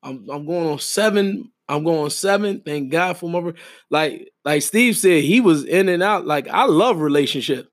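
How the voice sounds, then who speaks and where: Emphatic high-voiced middle-aged man. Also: expressive, moderate pace. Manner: emphatic, repetitive, preacher-like. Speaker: podcast co-host and wedding officiant. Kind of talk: casual podcast chat.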